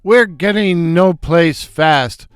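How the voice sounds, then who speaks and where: A man voicing a gruff, bossy middle-aged slapstick comedian who barks out wisecracks in a storytelling impression. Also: on the high side, slow, dry recording, studio quality, faint music behind. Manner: barking, brusque wisecracks.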